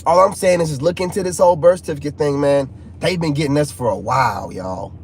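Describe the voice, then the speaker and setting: A man talking to his viewers in a casual, rambling monologue, restless and animated, often repeating himself. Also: on the high side, fast talker, slight background noise. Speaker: YouTuber.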